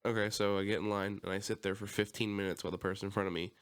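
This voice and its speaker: Low-voiced Philly-area man ranting. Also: very fast, clean tone. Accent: Philadelphia area. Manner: animated, swears, acts out quotes loudly. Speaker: podcast co-host. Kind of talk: casual chat, storytelling.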